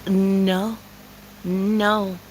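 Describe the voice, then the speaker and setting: A young woman telling a profane, dramatic storytime rant, with a Mexican Spanish accent, jumping into high squeals when she quotes herself. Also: flat delivery, extremely slow, a little hiss or hum, rough recording. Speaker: vlogger.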